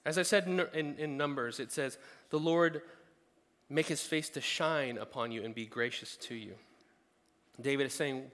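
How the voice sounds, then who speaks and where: A man's voice: medium pitch, moderate pace, a bit bright. A man preaching a sermon as a pastor, earnest and conversational, with frequent restarts. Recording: long hall reverb.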